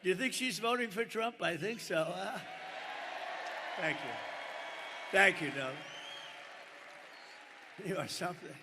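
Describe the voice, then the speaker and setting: This older political candidate speaks in a high voice at a measured pace, pausing often. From a podium microphone in a large packed venue, he rambles with superlatives and asides to the crowd, amid echoey arena acoustics and crowd noise.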